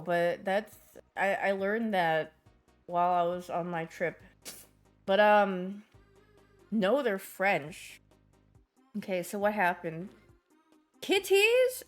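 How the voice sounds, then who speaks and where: During a relaxed livestream, this young female streamer answers her viewers and wanders through stories, laughing frequently. Her voice sits high and has a bit of brightness.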